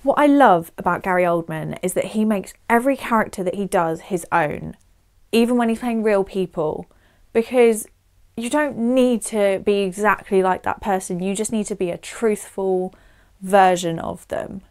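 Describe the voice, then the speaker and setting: Young woman, vlogger, gushing film review, smooth clear voice, medium pitch. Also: normal speed, a little mellow. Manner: chatty and effusive, many "like" fillers. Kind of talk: casual spoken film review to camera.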